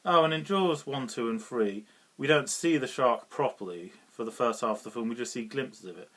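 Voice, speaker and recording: A man's voice: medium pitch, moderate pace, fairly bright tone. A British man giving a casual, rambling film review, often chuckling and restarting his sentences. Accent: British English. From Britain.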